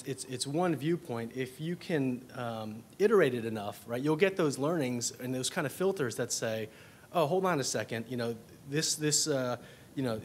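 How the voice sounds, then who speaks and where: A man's voice: mid-range voice, slightly rough. A man speaking on a conference panel, hesitant, with frequent fillers and restarts. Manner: hesitant, many you-knows and restarts. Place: conference session room. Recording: faint room ambience.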